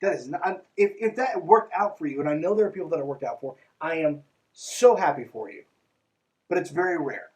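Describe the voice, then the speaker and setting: A man's voice: on the high side, lively intonation, a little fast, a little mellow, recorded from a distance, poor audio. A man hosting a podcast, reading a book aloud and breaking off into sarcastic, exasperated commentary. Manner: sarcastic, exasperated asides between read passages. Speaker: podcast host.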